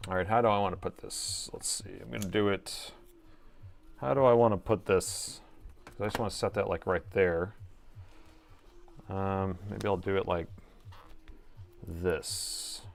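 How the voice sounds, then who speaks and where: A man's voice: low voice, gravelly. A middle-aged man live-streaming a laptop repair, chatting loosely and joking with viewers as he works. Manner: jokey, reads chat aloud, chatty asides. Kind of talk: casual live-stream chat while working.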